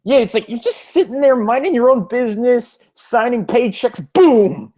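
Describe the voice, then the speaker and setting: A woman's voice: fairly high pitch, moderate pace, dark tone. A woman co-hosting a casual comic-book discussion, teasing her partner with a laugh. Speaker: podcast co-host.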